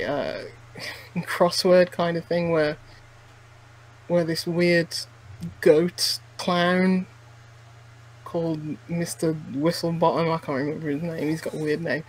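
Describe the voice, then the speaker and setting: A man talks casually on a podcast about a game he played. His voice sits fairly high for a man. He rambles, restarts his sentences and leans on fillers. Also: level tone, slow, pauses often, low-quality recording. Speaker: podcast co-host. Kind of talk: casual chat reviewing a game.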